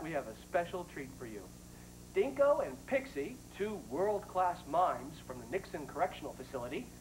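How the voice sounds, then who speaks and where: A man's voice: high voice, a little hiss or hum. A man hosting a comedy TV program, presenting in a mock-earnest way in a sketch comedy. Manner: mock-earnest presenter turning into screaming rant. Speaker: TV program host. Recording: echoey far-off 1990s local TV audio.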